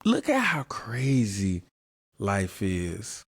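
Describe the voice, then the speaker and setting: A man's voice: lowish voice, takes it slowly, long pauses, darkish tone, dry recording, studio quality. A man hosting his own show, giving casual commentary in an emphatic way, repeating his points and asking rhetorical questions. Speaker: show host.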